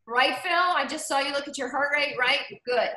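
A woman leads an online cycling class with a high, bright voice, cheering riders on by name and counting down each interval. She sounds roomy and echoey, as if she is coaching through a video call. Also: normal speed. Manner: upbeat, encouraging, calls out riders by name; counts down seconds and cadence. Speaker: cycling instructor.

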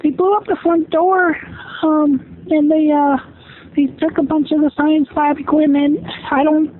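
A very high-voiced office worker, as a woman plays her complains in halting, tearful bursts about being fed up. The voice comes through thin and tinny, like a phone recording. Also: little pitch movement, a little hiss or hum. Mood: upset.

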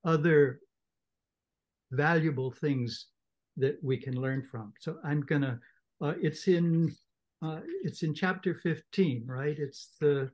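A man's voice: fairly high pitch, slow, a little mellow, muffled recording. A man in a book club discussion, reading a novel aloud with enthusiasm and expression.

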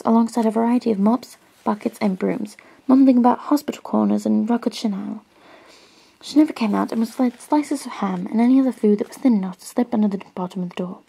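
A woman gently reading a storybook aloud in a soft-spoken ASMR style, dropping into whispers at times. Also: medium pitch, creaky, husky, poor audio. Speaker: ASMR reader.

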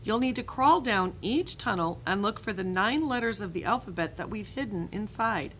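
A woman voicing a loud, bubbly female camp leader in a storybook reading. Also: mid-range voice, expressive, normal speed, a little hiss or hum, natural voice. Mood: instructing. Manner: shouty, bubbly.

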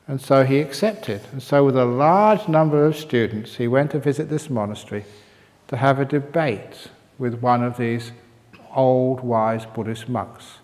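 A man teaching as a Buddhist monk, mid-pitched and easygoing, who answers questions with funny, meandering stories. His voice carries a long reverb from a meditation hall. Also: unhurried, darkish tone. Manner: humorous storytelling, reads questions aloud.

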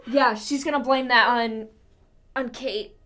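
High-voiced girl doing a movie reaction, talks slow, gasps and yells a lot. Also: very noisy. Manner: excitable, gasping, loud outbursts.

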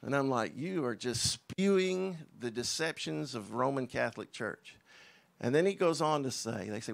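A man's voice: medium pitch, animated, moderate pace, vocal fry. A man preaching a sermon, in an emphatic, conversational way with scoffing asides. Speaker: pastor.

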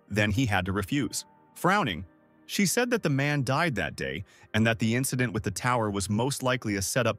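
A man's voice: mid-range voice, fairly bright tone. A man narrating a comic recap in a scripted storytelling style.

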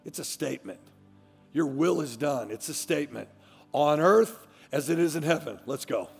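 A middle-aged pastor with a gravelly, slightly high voice preaches a fiery sermon, dropping to near-whispers and then rising to shouts. His words ring out with the long reverb of a large church, and faint music plays underneath. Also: expressive, normal speed.

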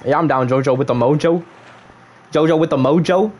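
A young man livestreaming a game, in casual commentary full of slang and banter, swinging from loud teasing outbursts to mock-solemn murmurs. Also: fairly high pitch, a little fast, slight background noise. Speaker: gaming livestreamer.

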